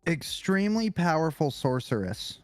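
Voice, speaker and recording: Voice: mid-range voice, big pitch swings, moderate pace, no echo, soft background music. A podcast co-host reading a comic-book character profile aloud, casual and swearing, stumbling over hard names.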